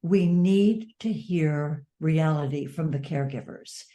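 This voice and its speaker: An older woman author speaking in an interview, earnest and measured. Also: low-pitched, dark tone, lo-fi sound. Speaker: author and advocate. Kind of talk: interview conversation.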